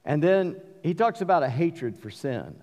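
A middle-aged man with a Southern accent preaching a sermon, mixing forceful emphatic bursts with folksy asides. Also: fairly high pitch, very animated, moderate pace, highs cut off. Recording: long hall reverb.

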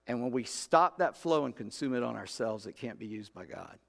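A man's voice: medium pitch, expressive, brisk, vocal fry, fairly bright tone. A man preaching a sermon in a church, telling stories in a folksy way and acting out the voices in his quotes. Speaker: pastor. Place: church sanctuary. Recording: long hall reverb.

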